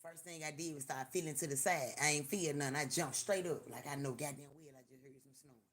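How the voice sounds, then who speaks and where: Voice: mid-range voice, fast talker. Older live-stream host telling tales. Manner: animated, profane, talks straight to viewers. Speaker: livestream host. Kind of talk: casual live-stream storytelling.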